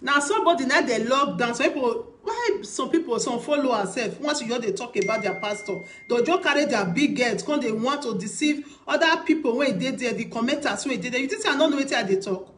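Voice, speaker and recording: A woman's voice: high-pitched, expressive, a little fast, hardly any pauses. A woman vlogger with a Nigerian Pidgin accent, giving casual commentary on a video in an emphatic, repetitive way with rhetorical questions.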